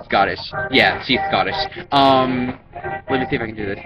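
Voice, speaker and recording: A man's voice: medium pitch, unhurried, rough recording. Rambling young man over background music. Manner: rambling and self-conscious. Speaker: YouTuber. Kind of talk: casual vlog chat. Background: music playing in the background.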